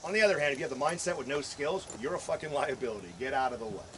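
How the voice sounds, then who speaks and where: A man's voice: on the high side, rapid-fire, fairly bright tone. A male firearms instructor teaching a live class at an outdoor range, joking, swearing and quizzing his students as he goes. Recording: noisy outdoor recording.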